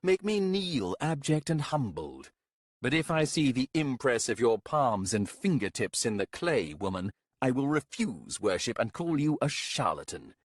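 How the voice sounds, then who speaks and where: A man's voice: medium pitch, big pitch swings, unhurried, dry recording, studio quality, voice pushed up. A man doing a stern, scornful skeptic. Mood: lecturing. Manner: lecturing, blunt, skeptical. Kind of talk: audiobook character voice.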